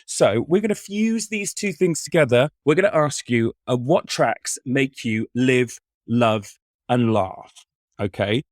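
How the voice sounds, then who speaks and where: A man's voice: medium pitch, animated, a little slow, darkish tone, no echo, studio quality. A man hosting a casual podcast chat, camp and playful, slipping into sung snatches and impressions. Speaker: podcast host.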